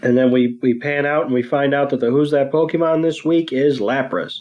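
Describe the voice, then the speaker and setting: A man co-hosting a podcast, telling a casual, relaxed recap of a cartoon episode with filler words. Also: mid-range voice, brisk, lo-fi sound. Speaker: podcast co-host.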